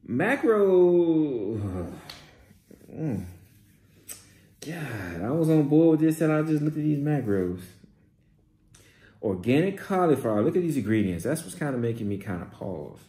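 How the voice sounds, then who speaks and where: A man casually reviewing a shopping haul, excitable and exclaiming as he reads out labels. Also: medium pitch, measured pace, pauses often. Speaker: vlogger. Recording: echoey room with faint noise.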